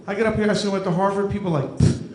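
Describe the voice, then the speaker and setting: A man's voice: sits high, fairly even intonation, very fast, a little mellow. A man in his fifties from New Jersey, doing a stand-up comedy set with dry, self-deprecating delivery on a club stage. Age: 50s. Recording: echoey club room, audience noise.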